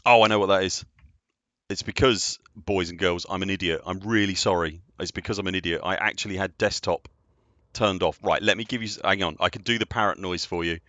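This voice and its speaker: A man chatting casually on a game stream, excitable and self-deprecating, often laughing. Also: low voice, a little fast, dry recording. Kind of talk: casual live-stream chat.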